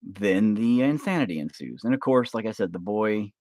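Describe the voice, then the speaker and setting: A man in a casual, profane, rambling monologue, pitching a movie plot while working with his hands at home. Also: animated, moderate pace, darkish tone, no echo. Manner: rambling, profane, acts out scenes. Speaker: vlogger pitching a film idea. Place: home office while carving.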